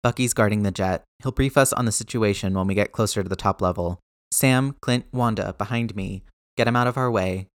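A man voicing a steady, commanding male team leader in a storybook reading, giving firm, clipped orders. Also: fairly low pitch, a little fast, no room sound, studio quality, natural voice.

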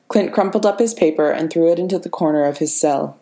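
A woman narrates a story aloud in a low, dark-toned voice. Her reading is even and expressive, paced like an audiobook. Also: fast, few pauses.

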